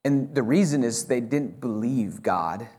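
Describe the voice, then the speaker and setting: A man's voice: medium pitch, expressive, unhurried, darkish tone, slightly rough. A male pastor preaching a sermon to his church, earnest and urging, often restarting his phrases as he presses a point. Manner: frequent self-corrections and restarts.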